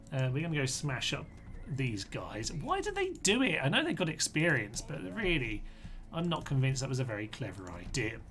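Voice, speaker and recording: A man's voice: mid-range voice, a bit bright. Chatty Englishman narrating a strategy game. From England. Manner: chatty, thinking aloud, talking to his units. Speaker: streamer. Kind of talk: live strategy game commentary.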